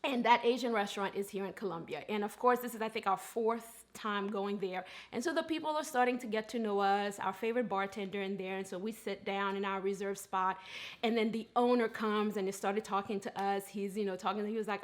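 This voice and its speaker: A woman's voice: medium pitch, moderate pace, a bit bright. A woman in her forties hosting a casual faith talk, earnest and building to emphatic preaching. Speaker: host.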